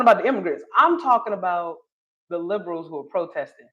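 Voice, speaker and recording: A woman's voice: fairly low pitch, expressive, quick pace, fairly bright tone. Southern woman streamer, chatty and self-correcting, laughs often, slightly muffled lo-fi audio. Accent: Southern US, North Carolina. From Charlotte, North Carolina. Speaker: live-stream commentator. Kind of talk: casual live-stream commentary.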